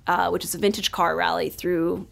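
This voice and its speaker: A woman from Charleston, chatting as a podcast guest in an animated storytelling way, with lots of "like.". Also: on the low side, moderate pace, creaky. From Charleston, South Carolina, US. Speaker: podcast guest, special projects lead. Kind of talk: casual chat.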